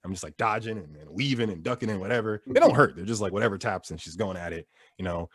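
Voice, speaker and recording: A man performing a stand-up comedy set, telling family stories with lively, swinging delivery. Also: fast talker, slightly rough, no echo, clean studio sound. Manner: animated storytelling with wide pitch swings.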